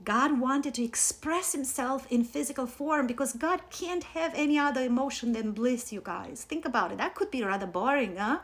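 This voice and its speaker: Woman, spiritual teacher, animated storytelling, high voice, goes soft then punchy. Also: normal speed, few pauses. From Romania. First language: Romanian. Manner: animated, storytelling, emphatic with sudden soft drops. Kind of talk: live-streamed teaching talk with personal stories. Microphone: phone.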